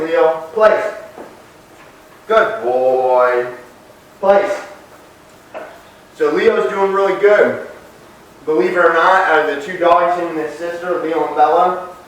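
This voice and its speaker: A man working as a dog trainer, explaining his methods and calling short commands between his explanations. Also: a little high. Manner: calls short commands loudly and sharply, explains in relaxed asides. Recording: very echoey, distant from the mic, faint noise.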